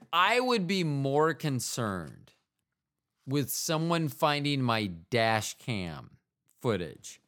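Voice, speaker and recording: An American man drifts through a casual podcast monologue at an unhurried, drawn-out pace. His voice is clean and smooth, his tone self-deprecating, and he keeps wandering off into little asides. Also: lowish voice, a bit bright. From United States. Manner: meandering, self-mocking, trails off into asides. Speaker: podcast host.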